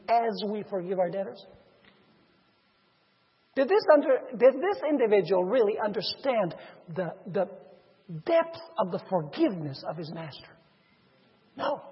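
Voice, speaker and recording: Animated preacher in a reverberant hall. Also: male voice, high-pitched, normal speed, pauses often, slightly rough. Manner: animated, acts out parable characters with sudden loud and soft swings. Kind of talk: sermon. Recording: dull reverberant hall sound.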